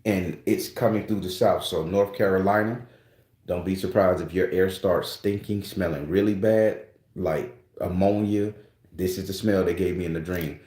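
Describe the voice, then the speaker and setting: A man's voice: low-pitched, fairly even intonation, normal speed, darkish tone, echoey room. A man hosting his own channel, talking casually and loosely to his viewers, with rambling restarts and frequent swearing. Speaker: spiritual channel host.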